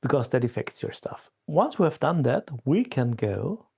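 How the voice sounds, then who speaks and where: A man guest giving a casual, step-by-step walkthrough in a steady way of talking. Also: mid-range voice, moderate pace, creaky, slightly rough. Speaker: guest explaining a tool.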